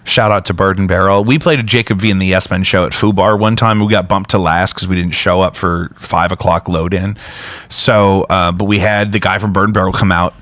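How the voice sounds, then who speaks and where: A man with a low voice hosts a loose, chatty podcast. He rambles between topics, throwing in jokes. The sound is dry and close, with no room echo. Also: steady tone, a little fast, a bit bright. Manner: rambling, jokey, prone to sudden high-pitched bits. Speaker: podcast host. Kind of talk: casual chat.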